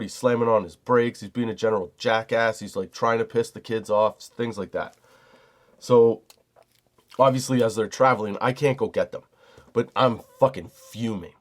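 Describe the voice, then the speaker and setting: Podcast host, middle-aged man, low-pitched, profane heated storyteller. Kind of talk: storytelling monologue.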